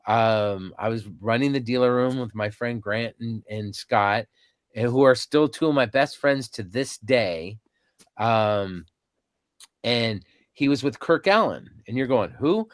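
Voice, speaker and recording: A man in his fifties tells stories as a podcast guest, animated and full of ums and restarts. His voice sits at a middle pitch. It sounds close and dry, with no room around it. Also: measured pace, no room sound. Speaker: podcast guest, convention organizer. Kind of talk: casual storytelling interview.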